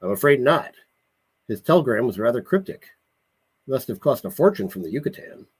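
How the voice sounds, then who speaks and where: A man reading his novel aloud, voicing a calm, formal middle-aged male director in a husky voice. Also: medium pitch, brisk.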